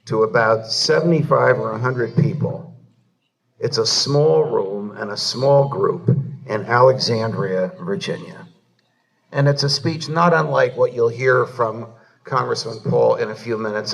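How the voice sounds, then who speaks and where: A man's voice: medium pitch, unhurried, gravelly, recorded from a distance. A man from New Jersey giving a humorous storytelling speech to a live audience in an event hall, leading each anecdote to a punchline. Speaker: keynote speaker.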